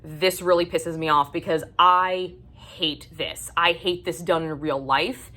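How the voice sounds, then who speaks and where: Woman, book vlogger, blunt profane rant, lowish voice, casual talk to camera. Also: steady tone, a little slow, pushed and bright. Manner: blunt, profane, exasperated ranting. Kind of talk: casual ranting monologue.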